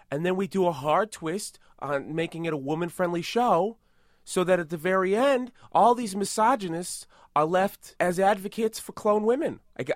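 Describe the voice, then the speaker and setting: Man doing a boastful tough-guy star impression, rambling deadpan, slightly high voice, dry close sound. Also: no room sound, natural voice. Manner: rambling, self-aggrandizing, deadpan absurd. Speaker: improv comedian. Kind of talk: improvised comedy podcast.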